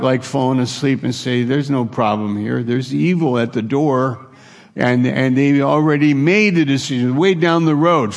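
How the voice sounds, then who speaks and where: Slow gravelly preacher in a hall. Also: male voice, medium pitch. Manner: earnest, acts out Bible dialogue, many restarts. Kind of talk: sermon.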